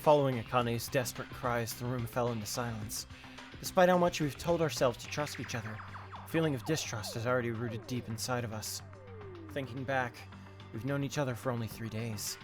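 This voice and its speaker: A young man reading game narration aloud in a steady, even way. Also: mid-range voice, a little fast, over music. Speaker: co-player.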